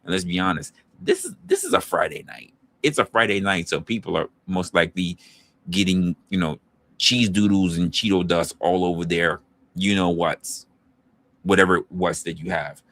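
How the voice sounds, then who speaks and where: A man's voice: low voice, fairly even intonation, moderate pace, a bit bright. A man hosting a livestream, chatting loosely with his viewers, rambling and correcting himself as he goes. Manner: talks straight to his chat. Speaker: livestream host. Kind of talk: casual livestream chat.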